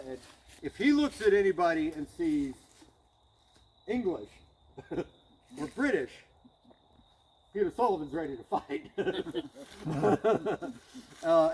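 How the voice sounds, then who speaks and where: A man's voice: a little high, a little mellow, slight background noise, rough recording. A man leading a guided battlefield tour outdoors, telling it casually with chuckles and frequent restarts.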